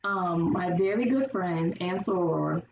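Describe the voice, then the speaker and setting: A woman's voice: lowish voice, measured pace, gravelly, crowd noise. A woman podcast guest telling stories in casual conversation and acting out what people said. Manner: animated storyteller who acts out quotes. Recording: echoey, distant, dull lo-fi, faint noise.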